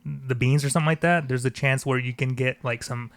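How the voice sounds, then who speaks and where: A man co-hosting a podcast in casual chat, relaxed and rambling with many fillers. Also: mid-range voice, fairly quick, no room sound. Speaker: podcast co-host.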